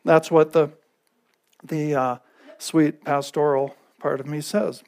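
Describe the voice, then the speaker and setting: A man's voice: on the high side, steady tone, takes it slowly, gravelly, darkish tone. A male pastor preaching a conversational sermon, repeating phrases and checking in with his listeners.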